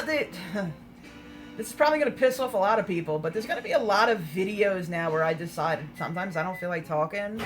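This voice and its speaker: A woman's voice: medium pitch, fairly bright tone, low-quality recording. A woman hosting a casual livestream, answering viewer comments in a candid, blunt way, swearing freely and laughing often. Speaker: livestream host.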